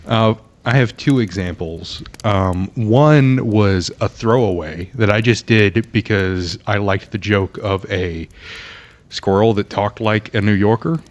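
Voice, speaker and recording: A man from Alabama, a game master, chatting casually on a podcast in an easygoing, halting way with frequent fillers. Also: lowish voice, lo-fi sound. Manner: easygoing, halting, laughs at own jokes. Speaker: dungeon master.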